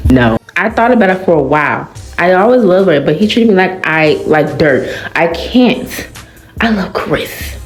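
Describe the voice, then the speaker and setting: A woman casually reading a fan-fiction story aloud, jumping her pitch for the dialogue and breaking off to react. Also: expressive, normal speed. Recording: roomy echo with faint music.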